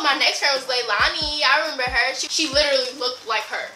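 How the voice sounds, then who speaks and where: A teenage girl chats through her old diaries in a bright, high voice, gasping and giggling between entries. She sounds like she is in an echoey bedroom. Loud background music plays under her voice. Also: brisk. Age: teens. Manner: chatty and giggly, reacting with gasps and exclamations. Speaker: vlogger. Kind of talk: casual vlog, reading old diaries aloud.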